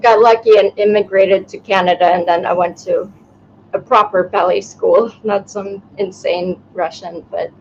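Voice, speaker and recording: A woman's voice: mid-range voice, steady tone, moderate pace, dull audio. A woman from Ukraine co-hosting a casual chat, speaking hesitantly with restarts. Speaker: podcast co-host.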